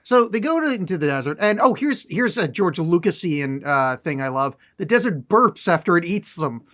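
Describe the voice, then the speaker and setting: A man with a notably high voice co-hosting a casual podcast, walking through a movie plot in a hesitant, rambling way. He stops to correct himself and to argue small points. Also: sing-song, normal speed, fairly bright tone. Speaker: podcast co-host. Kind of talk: casual movie-recap chat.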